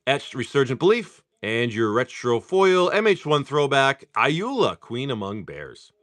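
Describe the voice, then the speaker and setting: A man's voice: medium pitch, sing-song, a little slow, fairly bright tone, no echo. Chatty man calling out card pulls. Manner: rambling storytelling broken up by calling out card names. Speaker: streamer opening trading card packs. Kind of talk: casual live-stream chat.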